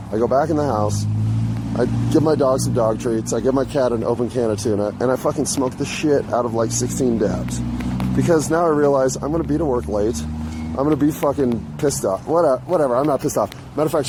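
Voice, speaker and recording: Speaking at a medium pitch and a slightly quick pace, this man hosts his own podcast from outdoors, wandering streets and bus stops and riding a bus with only a phone to record. His monologue is a casual, swearing-filled story that meanders and turns animated during the retelling, with faint traffic and street sounds in the background.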